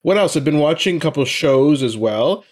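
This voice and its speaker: A man co-hosting a podcast in casual chat, animated and rambling, often trailing off into mumbles. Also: a little high, brisk. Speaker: podcast co-host.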